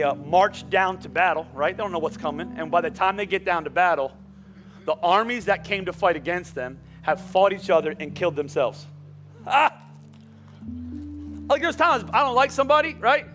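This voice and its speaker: High-voiced man preaching a lively sermon. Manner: animated, shifting from quiet storytelling to shouting. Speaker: pastor. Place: church sanctuary.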